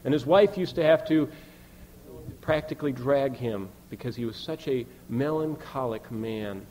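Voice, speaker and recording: A man's voice: mid-range voice, moderate pace, slight background noise, rough recording. Earnest male pastor preaching. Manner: earnest preaching, reading scripture aloud with emphatic rises and soft drops. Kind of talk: sermon.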